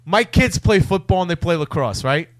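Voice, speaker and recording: A man's voice: sits high, normal speed, no echo, studio quality. A man telling stories in casual, crude banter as a podcast co-host, often mimicking other people's voices. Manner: animated storyteller, mimics voices.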